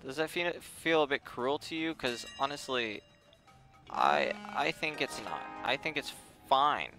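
A man's voice: medium pitch, animated, unhurried, sharp tone, soft background music. A young man giving exasperated, sarcastic let's play commentary, muttering at the game as he plays. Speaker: gaming channel host.

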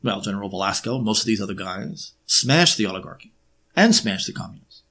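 A man presenting an unscripted history monologue, emphatic and sarcastic, often pausing on uh and um while he builds his points. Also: lowish voice, expressive, gravelly, a bit bright, breathy edge. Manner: emphatic, with sarcastic rhetorical questions; frequent hesitations with uh and um.

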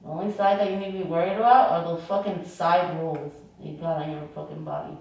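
A woman's voice: lowish voice, steady tone, fast talker, vocal fry, darkish tone. A woman in her twenties arguing with her fiancé in a prank vlog, sleepy and then cursing and roasting him. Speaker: vlogger. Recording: echoey room from far off.

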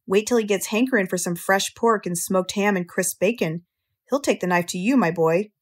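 A husky, hoarse male rat, gluttonous and sly, as a woman reading an audiobook puts him on. He snarls and gloats over his feasting in a mid-pitched voice with a storybook feel. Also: normal speed, close to an everyday voice. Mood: snarling.

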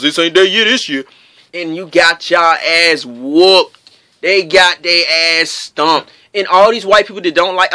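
A man's voice: sits high, sharp tone, no room sound. A man delivering a heated, profane sports rant in his own vlog. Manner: heated, profane, emphatic ranting. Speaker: sports vlogger. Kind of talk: profane ranting commentary.

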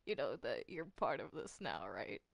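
A woman voicing a mischievous young male cartoon ink demon who teases with a stutter and a deadpan tone. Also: very deep voice, normal speed, vocal fry, no echo, exaggerated voice. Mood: teasing. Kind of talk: fan voice roleplay.

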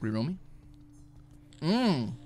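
Excitable gaming streamer with a slightly high, very lively voice, faint music underneath. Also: male voice, slow. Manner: excitable, swearing, bursts of shouting and laughter. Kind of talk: casual live-stream chat over gameplay.

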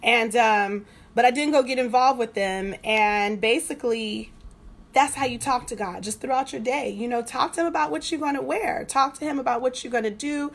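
A woman's voice: fairly high pitch, moderate pace. Woman sharing a conversational devotional. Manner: conversational, testimonial, repeats phrases for emphasis. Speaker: devotional host. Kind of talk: devotional teaching.

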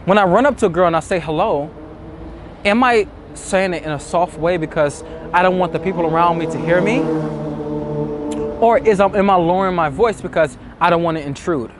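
Emphatic guy coaching on dating, kinda high voice, light street noise behind. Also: a little fast. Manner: emphatic, acts out inner thoughts in quoted asides. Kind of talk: motivational talk to camera.

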